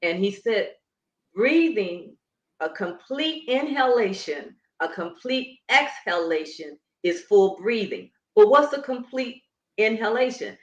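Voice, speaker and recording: A woman's voice: mid-range voice, lively intonation, slow pace. A woman who coaches Pilates and breathing, explaining emphatically in a conversational interview. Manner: emphatic, instructive, demonstrating as she explains. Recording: echoey room.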